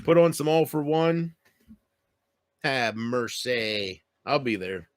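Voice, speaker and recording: A man's voice: mid-range voice, expressive, slow, no room sound. A man chatting casually on his livestream, rambling and joking, with frequent swearing.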